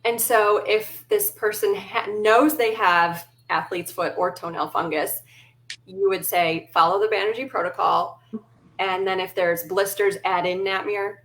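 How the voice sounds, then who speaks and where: A woman interviewing a guest, speaking in a friendly, conversational way, often pausing with ums. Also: medium pitch, fairly even intonation, fairly bright tone. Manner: friendly, hesitant with many ums. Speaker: interviewer, store host.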